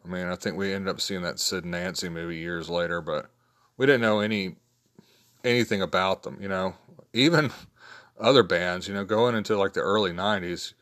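A man with a very low voice chats casually, ranking his favorites in a loose, rambling way. He is in his fifties and often restarts his sentences and fills pauses with ums. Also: fairly bright tone. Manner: rambling, low-key, many fillers and restarts. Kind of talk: casual spoken list of favorites.

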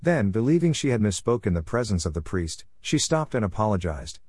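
A man with a fairly low voice reads a story aloud in a measured, even storytelling manner. The recording is close and dry, with no room sound. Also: husky, dry recording. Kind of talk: storybook narration.

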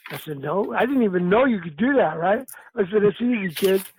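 A man's voice: sits high, a little fast, slight background noise, low-quality recording. An older man, a retired pro wrestler, telling stories in a casual chat, laughing often and acting out what others said. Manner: animated, laughing often, acts out quoted lines. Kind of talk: casual storytelling.

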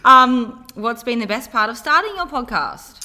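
A woman's voice: a little high, sing-song, normal speed, crowd noise. A woman co-hosting a podcast, asking questions in a playful way and laughing easily. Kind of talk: casual podcast chat.

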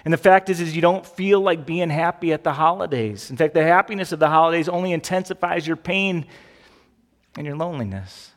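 A man's voice: a little high, brisk, big-room sound. Conversational man preaching a sermon. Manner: conversational, animated preaching with rhetorical questions. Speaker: pastor.

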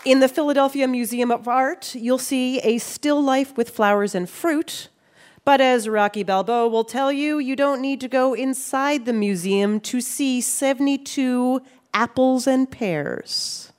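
A woman's voice: high-pitched, a little slow. A woman hosting a quiz show, reading clues aloud in a playful way. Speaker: game show host. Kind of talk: quiz show hosting before a live audience.

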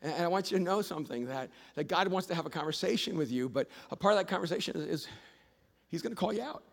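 High-voiced animated pastor in a hall. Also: male voice, fast, vocal fry. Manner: animated storyteller, rising to shouts. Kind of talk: sermon. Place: church auditorium. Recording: long reverb of a large hall.

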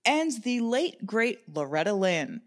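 A woman's voice: medium pitch, big pitch swings, unhurried. A woman co-hosting a podcast, telling a story in a chatty, sarcastic way and swearing freely. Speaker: podcast co-host.

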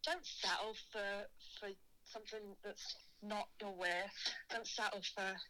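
A woman's voice: mid-range voice, steady tone, a little slow, sharp tone, low-quality recording. A young woman answering a friend's call in a casual chat, candid and reflective, laughing easily.

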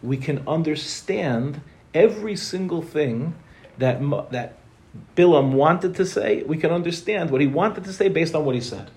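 A young man teaching a Torah class in a quick, joking way, throwing rhetorical questions at his listeners. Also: a little high, expressive, a little mellow.

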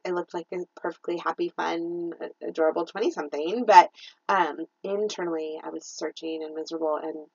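A woman co-host speaks in a casual faith chat, earnest and reflective, often restarting her sentences. Her voice is husky and sits a little low. The recording is dry and slightly muffled. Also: steady tone, brisk, darkish tone, no echo. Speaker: podcast co-host.

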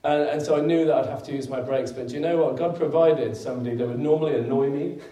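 A man delivers a sermon in a relaxed, storytelling way, with frequent laughs and emphatic peaks. His tone is mellow and warm. He is miked from some distance in a roomy church hall that echoes. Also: fairly high pitch, fast talker. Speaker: preacher. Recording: echoey room, mic at a distance.

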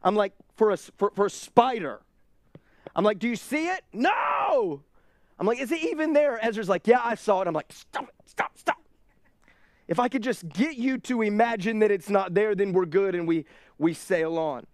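A man in his thirties preaching a sermon, telling a family story with lively acted-out shrieks. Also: high-pitched, brisk, no echo. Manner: animated storyteller, acts out his kids' shrieks. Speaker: pastor.

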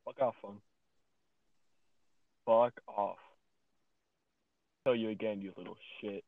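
A man chatting casually on a podcast call, cursing often and quick to get frustrated and rant. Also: on the low side, fairly even intonation, creaky, no room sound. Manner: cursing, easily frustrated, ranting. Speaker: podcast co-host. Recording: tinny phone-like line.

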